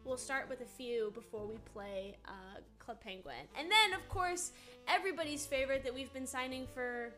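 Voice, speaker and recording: A woman's voice: sits high, moderate pace, bright, forceful tone, faint music behind. A woman who voices characters, hosting a live autograph stream in bubbly, gushing casual chat.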